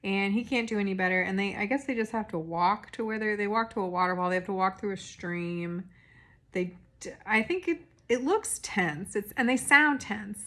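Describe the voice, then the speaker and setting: A woman's voice: mid-range voice, moderate pace, a bit bright. A young woman recapping a reality dating show in a rambling, casual monologue full of fillers and restarts. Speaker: recap podcast host.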